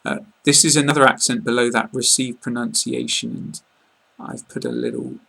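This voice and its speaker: An English teacher with a southern English received-pronunciation accent explains pronunciation in an online lesson, his medium-pitched voice creaky. He is calm and plain, pausing often with fillers.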